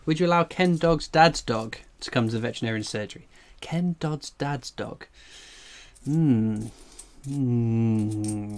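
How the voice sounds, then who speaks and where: Here a man from England hosts a casual coin-collecting livestream in a mid-range voice. He reads chat aloud and rambles jokily, jittery from strong coffee.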